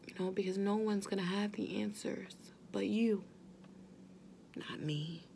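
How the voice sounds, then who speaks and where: A mother vlogging straight to her viewers, earnest and gentle, reassuring them that they are not alone. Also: medium pitch, fairly even intonation, a little slow, vocal fry, a little hiss or hum. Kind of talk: heartfelt direct-to-camera talk.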